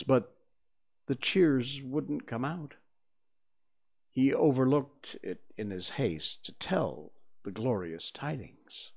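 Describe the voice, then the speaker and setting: A man reading a children's storybook aloud in an expressive, theatrical storytelling manner. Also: medium pitch, takes it slowly, vocal fry. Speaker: reader.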